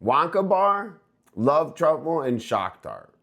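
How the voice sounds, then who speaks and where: Laid-back American streamer with a lively voice. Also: male voice, a little high, takes it slowly. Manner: laid-back, rambling, jumps to hyped sing-song bits. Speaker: livestream host. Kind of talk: casual livestream chat.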